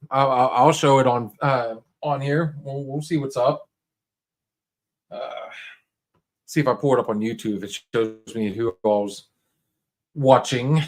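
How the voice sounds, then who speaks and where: Man, livestream host, casual and rambling, mid-pitched, lots of restarts. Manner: rambling, halting, many restarts and fillers; laid-back and encouraging, talks straight to viewers.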